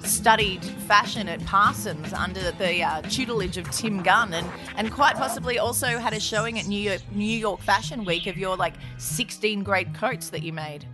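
A woman's voice: mid-range voice, moderate pace, few pauses, over music. A woman co-hosting a podcast, teasing her partner sarcastically and laughing often. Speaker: podcast co-host. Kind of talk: casual banter.

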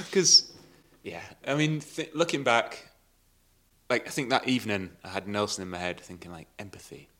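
A man with a low voice and a bright, forceful tone chats casually. He mostly backs up the story with short replies and drops in dry remarks. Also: expressive, moderate pace. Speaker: cyclist co-host. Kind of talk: casual chat.

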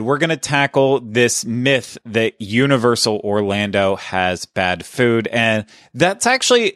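A man's voice: medium pitch, a bit bright, dry recording, studio quality. A man hosting a casual podcast, chatting in a conversational way and often correcting himself mid-sentence. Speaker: podcast host.

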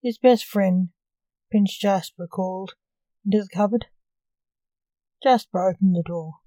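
A woman reading a short story aloud in a slow, measured way. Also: medium pitch, warm tone, no echo, rough recording.

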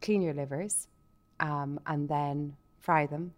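A woman's voice: sits low, fairly even intonation, takes it slowly, a little mellow. A woman guest in casual chat, enthusiastic, talking through food and a recipe step by step with many restarts.

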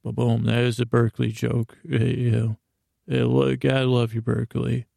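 Gravelly, flat-voiced deadpan man. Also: medium pitch, moderate pace, no echo, studio quality. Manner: stammering, with many restarts and self-corrections; deadpan and awkward. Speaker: comedian telling a story. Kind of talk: rambling comedic monologue.

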